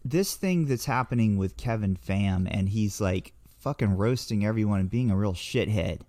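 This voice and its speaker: A man's voice: fairly low pitch, animated, normal speed, mellow, no room sound, clean studio sound. A man hosting a podcast in casual banter, playful and mock-formal, swearing as he goes. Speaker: podcast host.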